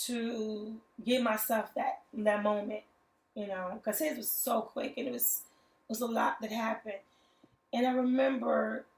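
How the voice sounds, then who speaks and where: A woman's voice: on the high side, echoey room. Earnest woman telling a personal story. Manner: earnest, emotional storytelling, addresses listeners directly. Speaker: host. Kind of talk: personal testimony talk.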